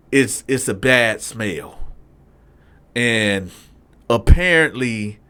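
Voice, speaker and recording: A middle-aged man casually telling a story, swinging between loud acted-out voices and low hushed asides. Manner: animated, acts out other inmates in loud raised voices. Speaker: storyteller, channel host.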